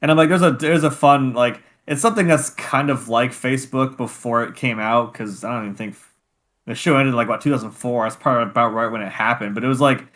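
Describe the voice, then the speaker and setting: A man co-hosting a podcast, telling animated stories in casual chat. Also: mid-range voice, fairly quick. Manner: animated storytelling. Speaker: podcast co-host.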